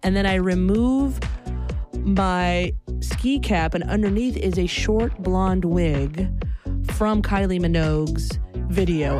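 A woman telling a personal story in an animated way, acting out the people in it. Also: on the low side, moderate pace, music in the background. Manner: animated, breaks into loud acted quotes.

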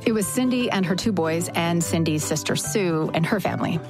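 A woman giving measured, scripted narration. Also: on the low side, animated, music in the background.

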